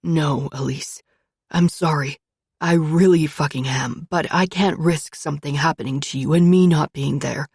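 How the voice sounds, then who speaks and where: A woman voicing a brooding, possessive young man who talks in a low, gruff mumble. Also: fairly even intonation, moderate pace, darkish tone, no echo, studio quality, full character voice.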